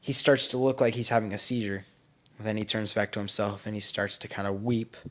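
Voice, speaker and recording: A man's voice: lowish voice, steady tone, a little fast, a bit bright. A young man casually narrating a fan-made story, speculative and rambling, often correcting himself.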